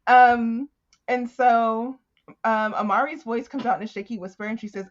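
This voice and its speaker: A woman's voice: a little high, normal speed. A woman co-hosting a podcast, chatting casually about a book and animatedly acting out the characters as she retells scenes. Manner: animated, acts out character voices while retelling. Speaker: podcast co-host. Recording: dull lo-fi sound.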